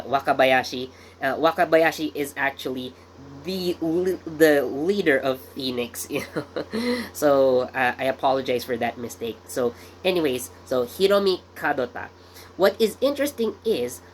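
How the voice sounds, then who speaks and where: Slow, rambling male vlogger. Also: fairly high pitch, slight background noise. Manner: rambling, many fillers and self-corrections. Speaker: YouTube channel host. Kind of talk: casual commentary vlog.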